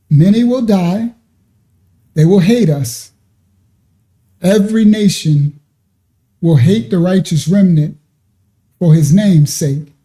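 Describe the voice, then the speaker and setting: A man's voice: fairly high pitch, warm tone. A man preaching in a conversational Bible-study sermon, emphatic and often repeating himself or restarting mid-sentence.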